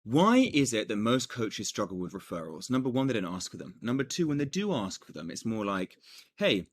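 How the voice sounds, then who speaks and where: A man teaching a coaching lesson in an energetic, animated way, with joking asides. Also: on the low side, a little fast, breathy edge. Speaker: business coach.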